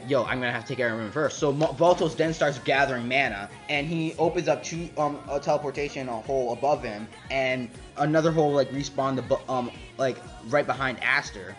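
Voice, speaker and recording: A man casually recapping a comic chapter, rambling with many fillers and restarts. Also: mid-range voice. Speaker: manga reviewer.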